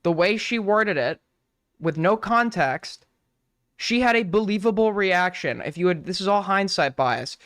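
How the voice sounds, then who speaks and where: A man's voice: high-pitched, animated, a little slow, fairly bright tone, no room sound, clean studio sound. A man streaming live, reacting to clips with crude, rambling, irreverent commentary.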